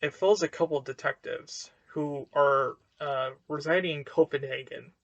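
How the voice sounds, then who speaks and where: Guy doing a chill book review vlog, kinda high voice, slow, lots of uhs, dry mic. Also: a bit bright, dry recording, lo-fi sound. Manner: slow, hesitant, lots of fillers and restarts. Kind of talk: casual talking-head book review.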